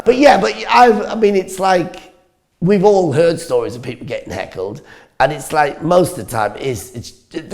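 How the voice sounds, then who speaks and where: Animated comic storyteller. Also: male voice, medium pitch. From northeast England. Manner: animated storyteller, acts out the people in his stories, laughs a lot. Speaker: comedian co-host. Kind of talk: casual comedy podcast anecdote.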